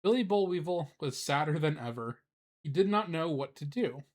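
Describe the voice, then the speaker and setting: A man's voice: on the high side, lively intonation. A man on a live stream, chatting casually with lots of fillers before reading a children's book aloud. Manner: casual, filler-heavy, unhurried, swears.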